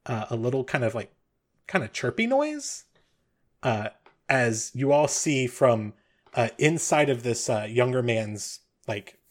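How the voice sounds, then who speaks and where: A man narrating a tabletop game as game master, loose and rambling, with many fillers. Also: medium pitch.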